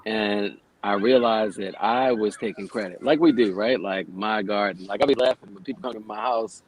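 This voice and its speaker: A man's voice: lowish voice, moderate pace, a little hiss or hum, low-quality recording. A man in his forties, a yoga teacher, telling stories in a casual, plainspoken way as a radio guest. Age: 40s. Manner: conversational, plainspoken, swears casually. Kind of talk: casual radio interview storytelling.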